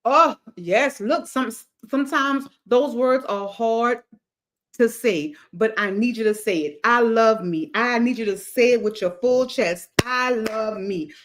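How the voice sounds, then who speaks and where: A woman's voice: a little high, a little slow. Emphatic woman hosting a live stream. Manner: emphatic, repetitive, preacher-like cadence. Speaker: livestream host. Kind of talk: motivational livestream talk.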